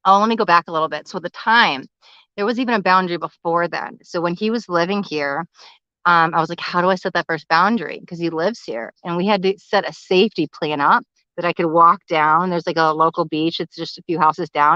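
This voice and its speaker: A woman talks to her livestream in a candid, emotional way, sharing her own story as a life coach. Her voice is bright and forward, heard close and dry. The audio is a little dull and lo-fi. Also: lowish voice, dry recording. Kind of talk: livestream talk. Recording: slightly muffled, lo-fi livestream audio.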